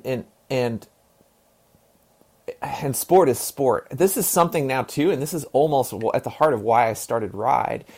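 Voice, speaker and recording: A man's voice: mid-range voice, darkish tone. Rambling man in his forties. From US South. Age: 40s. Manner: rambling, heavy on fillers and repeated "and", casual swearing. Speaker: interview guest. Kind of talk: casual conversational interview.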